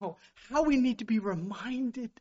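A man preaching a sermon with fervor, repeating phrases and swinging from loud declarations to hushed prayer. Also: extremely high pitch, animated, measured pace, muffled recording.

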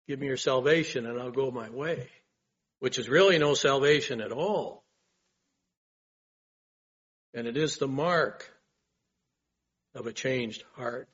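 Slow and deliberate, a pastor delivers an earnest sermon in a slightly husky, mid-range voice with a bit of brightness. Rhetorical questions drive it forward, and he gets louder to stress key phrases, all on a somewhat dull, lo-fi recording.

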